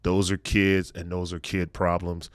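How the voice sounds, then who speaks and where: A middle-aged man hosts a casual podcast, earnestly sharing personal stories and lowering his voice when he grows reflective. His voice is low, level, a little slow and smooth, recorded cleanly in a studio with no echo.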